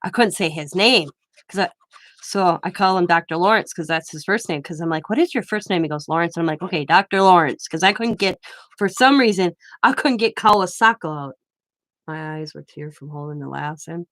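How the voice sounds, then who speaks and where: A woman's voice: on the low side, moderate pace, fairly bright tone, no room sound. An older woman hosting a craft channel, telling rambling personal anecdotes in casual chat and laughing often.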